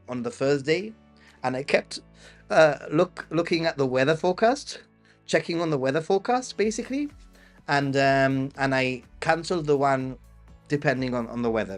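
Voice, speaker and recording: Chatty Gibraltarian man, faint music behind. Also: medium pitch. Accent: Gibraltarian English. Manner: chatty, reads viewer questions and answers them off the cuff. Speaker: travel channel host. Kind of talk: live-stream Q&A.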